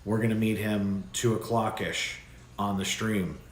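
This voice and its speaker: Man, fairly low voice, rambling casual livestream chat, echoey room, faint background hiss. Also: steady tone, unhurried. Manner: rambling, loose, with many fillers and restarts. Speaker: livestream host.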